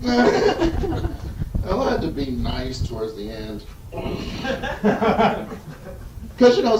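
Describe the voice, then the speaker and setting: At a backyard show, a man does a loose, profane stand-up set, riffing through stories as the audience laughs. His voice is a little high with a darkish tone. The live recording sounds roomy and distant, with slight background noise.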